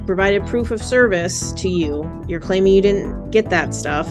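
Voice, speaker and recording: A woman's voice: mid-range voice, a little slow, over music. A woman judge speaking firmly and sternly in a court hearing, scolding a party for interrupting.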